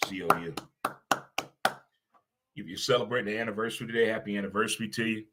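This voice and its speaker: Middle-aged guy hosting his show, husky voice, bright, laughs a lot and cusses. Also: fairly low pitch, fast talker. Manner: animated, laughs loudly, swears casually. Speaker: show host. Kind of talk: casual morning talk show.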